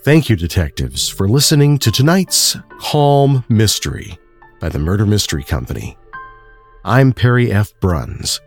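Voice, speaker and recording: Man narrating in a low, husky voice. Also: faint music behind. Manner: measured, steady reading. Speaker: narrator and host of a story show. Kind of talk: calm audiobook story narration.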